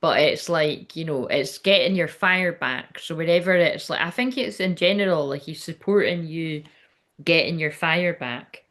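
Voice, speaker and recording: A woman's voice: low voice, moderate pace, a bit bright. A woman working as a psychic medium, giving a live-streamed spiritual reading in a chatty, rambling, sweary way while hiccuping now and then.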